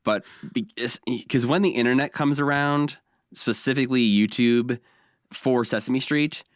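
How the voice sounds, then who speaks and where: A man's voice: mid-range voice, unhurried, smooth, dry recording, clean studio sound. A man co-hosting a podcast, chatting casually and laughing easily as he recaps episodes. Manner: easygoing, laughs often. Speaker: podcast co-host.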